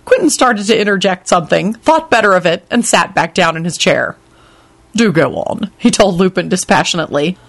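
A woman's voice: fairly low pitch, brisk, few pauses. A woman narrating an audiobook and acting out every character. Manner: expressive, acts out every character.

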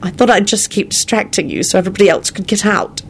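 A storyteller voicing an anxious, earnest young woman with a high, emotional delivery. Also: quick pace, a little hiss or hum, close to an everyday voice. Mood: distressed. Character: anxious young woman, brave, self-blaming.

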